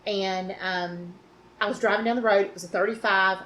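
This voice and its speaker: A woman's voice: mid-range voice, steady tone, a bit bright, slight background noise. A woman from North Carolina co-hosting a podcast, telling stories in casual chat and murmuring agreement often. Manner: chatty storyteller, quick affirming murmurs. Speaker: podcast co-host.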